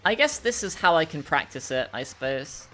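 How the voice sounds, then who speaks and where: A woman streamer with a naturally low voice, chatting self-consciously with many fillers while recording lines. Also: sing-song, moderate pace, a bit bright, faint music behind.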